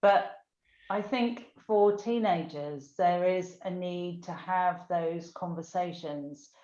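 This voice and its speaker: An older woman talks in an emotional, unhurried, heartfelt way. Her voice sits a little low. The recording is lo-fi and echoey. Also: dark tone. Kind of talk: casual conversation. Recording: echoey room, dull lo-fi sound.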